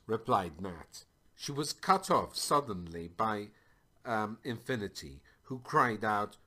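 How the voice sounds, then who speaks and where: A man reads a fantasy story aloud at an unhurried pace. His pitch rises and falls with lively swings.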